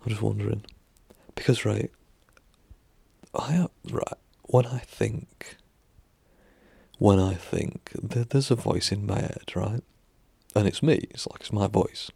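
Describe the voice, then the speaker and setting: A man muses aloud in a loose, rambling monologue, circling back on himself and dropping the odd swear word. His voice is deeply gravelly and husky. It sits a little low, and the recording is dry and close. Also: slow pace, pauses often, dark tone, no room sound. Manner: musing, full of fillers and restarts, swears casually. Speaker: vlogger.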